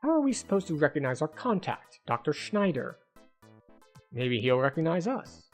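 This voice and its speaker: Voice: mid-range voice, sing-song, moderate pace, soft background music. A gamer giving let's-play commentary on a retro adventure game, with wry, self-mocking asides.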